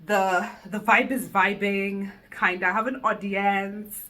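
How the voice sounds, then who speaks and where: A woman chatting casually to camera in a solo vlog, giggly and animated, seated indoors at home and picked up by the camera mic. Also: medium pitch, slow pace. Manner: giggly, animated, self-teasing. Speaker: vlogger. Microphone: camera mic, no lapel.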